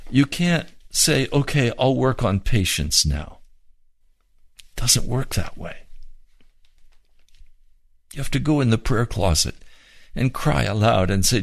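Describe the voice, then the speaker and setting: A man preaching a sermon, fervent and pleading, with slow drawn-out emphasis. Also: mid-range voice, animated, vocal fry, dry recording.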